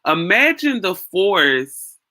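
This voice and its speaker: A woman's voice: lowish voice, sing-song, slow, sharp tone. A woman hosting her own channel, giving casual spoken commentary on a video clip and often repeating words as she thinks aloud.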